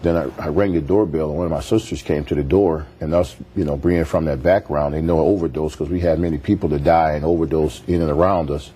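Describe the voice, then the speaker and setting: A man's voice: a bass voice, fairly even intonation, fast talker, hardly any pauses, dark tone, breathy edge. A man, a pastor, telling his life story as a guest in a TV interview, earnest, acting out the quoted voices as he goes. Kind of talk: testimony in a TV interview.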